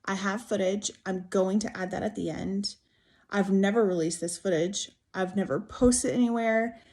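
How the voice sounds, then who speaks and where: A woman's voice: mid-range voice, fairly even intonation, moderate pace, darkish tone. A young woman telling a true ghost story to camera in a casual, emotional, rambling way, full of "like" and restarts. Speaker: TikTok storyteller.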